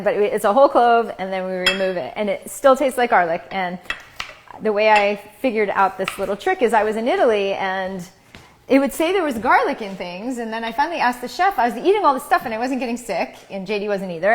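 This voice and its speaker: A woman hosting a live cooking show, chatting in a relaxed way and telling stories while she cooks. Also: on the high side, a little hiss or hum. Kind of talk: casual cooking show chat.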